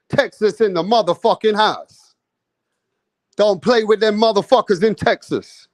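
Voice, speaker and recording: A man hosting a boxing livestream, talking in an excitable, profane, hype way. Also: high-pitched, measured pace, no echo. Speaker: boxing YouTube host. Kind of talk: casual livestream chat.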